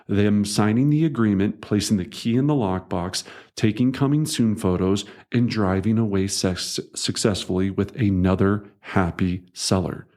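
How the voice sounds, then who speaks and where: Low-voiced man coaching real estate agents. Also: a little mellow. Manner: conversational, emphatic, acts out quoted voices. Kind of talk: audiobook narration of a sales training.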